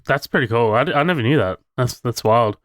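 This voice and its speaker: A man's voice: mid-range voice, fast, a bit bright, no room sound. A man co-hosting a podcast, chatting casually about a movie, swearing freely and laughing often. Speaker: podcast co-host.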